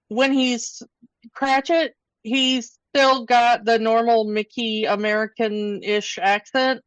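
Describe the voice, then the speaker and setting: A woman co-hosting a casual fan podcast, giving unhurried, agreeable replies. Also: fairly high pitch, no room sound. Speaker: podcast co-host.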